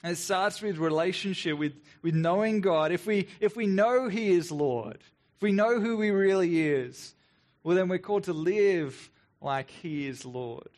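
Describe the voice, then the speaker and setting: With a fairly high voice and a darkish tone, an earnest male pastor preaches a reflective, unhurried sermon. He repeats words often as he develops each point, breaking in with quick sarcastic, mocking asides whenever he speaks for the people.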